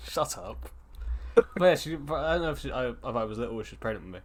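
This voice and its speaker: A man's voice: mid-range voice, lively intonation, a little fast. A man co-hosting a casual podcast over an online call, rambling with many restarts and swearing. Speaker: podcast co-host. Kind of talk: casual chat.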